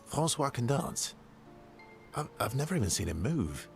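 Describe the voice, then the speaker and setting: A man's voice: mid-range voice, big pitch swings, normal speed, gravelly, soft background music. An actor voicing a hesitant, dry-witted young male companion in a video game, stammering a little. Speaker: game character.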